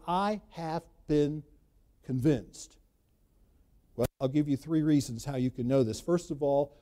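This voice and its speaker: Emphatic high-voiced male preacher. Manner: emphatic preaching, rising to loud bursts and dropping to quiet asides. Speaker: pastor. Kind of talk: sermon.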